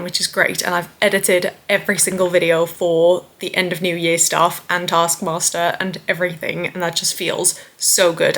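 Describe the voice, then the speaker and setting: A woman's voice: lowish voice, a bit bright. A woman chatting casually to camera as a vlogger, rambling and self-deprecating.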